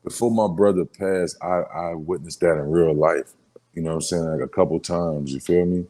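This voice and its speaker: A rapper from New Orleans, Louisiana in a casual sit-down interview, telling emotional stories in street slang and filler phrases. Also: male voice, low-pitched, normal speed, mellow.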